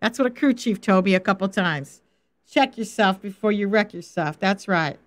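A woman faith coach giving informal Bible teaching, animated, laughing and acting out quotes as she talks. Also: mid-range voice, normal speed.

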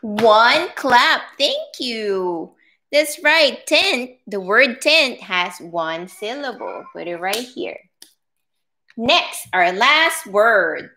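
A woman leads a preschool circle time in a slow, sing-song way, stretching her words for small children. Her voice is bright and slightly high, patient and encouraging. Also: sing-song.

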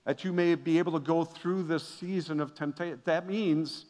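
A pastor delivers a sermon in a high, ringing voice. He sinks into quiet, confessional passages, then climbs back to loud, emphatic declarations. The sound of a large church hall lingers after each phrase. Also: fairly even intonation, moderate pace. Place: church sanctuary. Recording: long reverb of a large hall.

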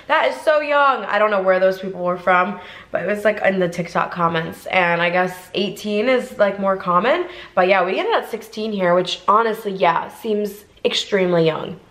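A woman's voice: medium pitch, moderate pace, fairly bright tone, echoey room, low-quality recording. A young woman from Ohio chatting casually through a mukbang vlog, rambling with lots of fillers. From Ohio, USA. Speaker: vlogger. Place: inside a car.

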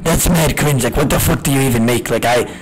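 A man streaming games live, chatting casually with profane trash talk and bursts of shouting. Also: mid-range voice, a little fast, slight background noise, low-quality recording. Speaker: game streamer. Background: music.

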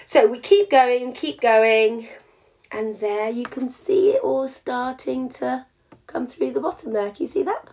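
A woman's voice: fairly high pitch, measured pace, darkish tone. A woman, teaching a jewellery craft in a chatty live demonstration and explaining each step as she works. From England.

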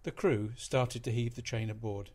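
A man narrating a short story aloud in an expressive, measured reading voice. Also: mid-range voice.

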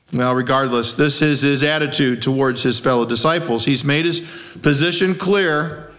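A man's voice: medium pitch, normal speed, fairly bright tone. A male pastor preaching a conversational sermon, asking rhetorical questions and acting out quoted lines in character voices. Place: church.

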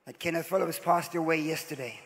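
A Zimbabwean bishop in his sixties preaches a sermon in a fairly high, fairly bright voice at a fairly quick pace. Telling his story, he rises suddenly as he acts out its voices, and the recording carries a long hall reverb.

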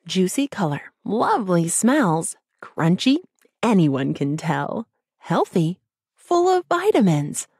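A woman narrating a rhyming children's audiobook in a gentle, sing-song storytelling way. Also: fairly low pitch, sing-song, slow pace, breathy edge, no room sound, clean studio sound.

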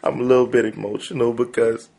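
A man playing a nervous, overemotional basketball player recording a dating video in a comedy sketch, halting with lots of ums. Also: medium pitch, little pitch movement, creaky, warm tone. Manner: halting, full of ums, breaking into tearful wailing.

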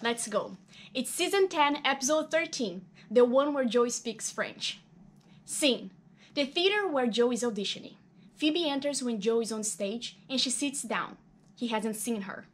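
A woman's voice: fairly high pitch, expressive, a little slow. A woman hosting a table-read video who talks in a cheerful, upbeat way. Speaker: video host.

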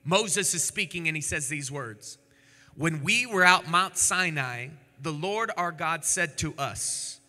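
A male pastor preaching a sermon, reading scripture dramatically, acting out the voices and building up to shouting. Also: fairly high pitch, animated, slow pace. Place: church sanctuary. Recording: long church hall reverb.

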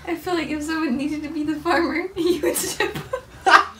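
A woman's voice: sits high, fairly even intonation, normal speed, fairly bright tone, roomy sound, recorded from a distance, a little hiss or hum. A young woman co-hosting a couple's vlog, reading game questions and giggling playfully. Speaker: co-host of a couple channel. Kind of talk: casual chat during a party game.

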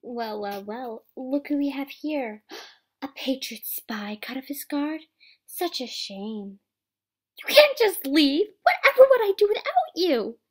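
A woman's voice: on the high side, takes it slowly, a little mellow. A young woman voicing a scheming female horse who taunts in a sly, mocking way.

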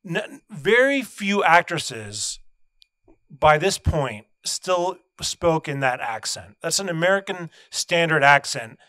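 A man's voice: a little high, big pitch swings, slow pace, pushed and bright, no echo. A man co-hosting a comedy podcast, arguing his point in a sarcastic, needling way. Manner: argumentative, sarcastic. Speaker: podcast co-host. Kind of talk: casual comedic debate.

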